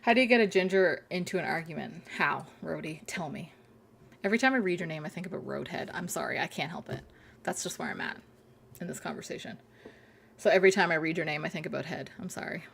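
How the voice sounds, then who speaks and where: A woman's voice: low-pitched, lively intonation, fast talker, vocal fry, fairly bright tone, a little hiss or hum. A young woman streaming a survival game, chatting casually, giggling and reading jokes from chat aloud.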